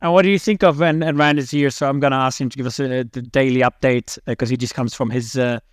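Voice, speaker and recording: A man hosting a live audio panel, excitable and teasing, who often restarts his sentences. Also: medium pitch, fast talker, no room sound, studio quality. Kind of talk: casual panel talk.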